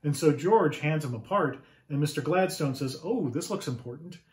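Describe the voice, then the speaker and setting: A man's voice: a little high, animated, moderate pace, darkish tone, lightly acted. A man reading a picture book aloud, voicing a flustered city dad who is new to farming and speaks in bewildered, eager exclamations, in an echoey room. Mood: puzzled.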